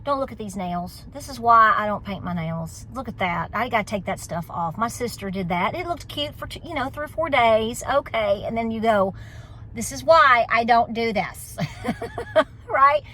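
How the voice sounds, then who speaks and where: A woman's voice: a little high, animated, normal speed, sharp tone, a little hiss or hum. A middle-aged woman from East Tennessee with a local accent, chatting casually and teasingly while vlogging from a car and outdoors. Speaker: homestead vlogger. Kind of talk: casual vlog chat.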